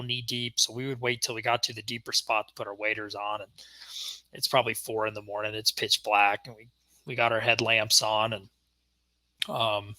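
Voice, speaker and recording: A young man co-hosting a podcast, telling a story in casual chat and acting out the shouted quotes. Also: mid-range voice, dry recording. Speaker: podcast co-host.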